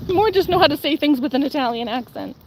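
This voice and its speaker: A woman's voice: sits high, animated, moderate pace, a little hiss or hum. Young woman streamer, casual rambly chat, faint outdoor ambience behind her. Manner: rambling, lots of "like" and "um", answers viewer comments.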